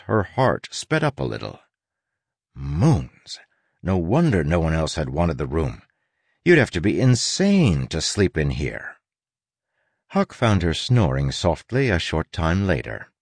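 A man reading an audiobook in an expressive, measured narration. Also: low voice, no room sound. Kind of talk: scripted narration.

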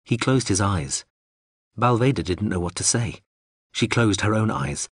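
Husky, low-voiced male audiobook narrator. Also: expressive, a little slow, no echo, clean studio sound.

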